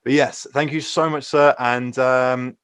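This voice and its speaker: A man's voice: medium pitch, measured pace, clear, resonant tone. Casual male interview host. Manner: relaxed, laughs along, hesitant questions.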